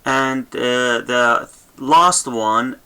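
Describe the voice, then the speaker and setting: A man teaching a language lesson, saying each sound slowly and more than once, with many fillers and checks of "okay?". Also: mid-range voice, sharp tone, clean tone. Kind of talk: slow instructional lesson.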